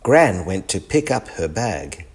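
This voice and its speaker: A man reading a children's storybook aloud in a gentle, even storytelling manner. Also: sits low, unhurried, slight background noise. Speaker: storybook reader.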